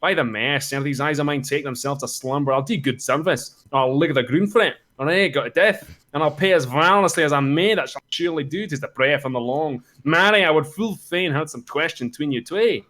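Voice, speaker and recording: A man's voice: on the high side, a little fast, hardly any pauses, a bit bright, natural voice. A man doing a cursing, hot-tempered captain. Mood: blustering. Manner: blustering, swearing oaths, stumbling through lines. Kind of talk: comic Shakespeare read-through. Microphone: voice call.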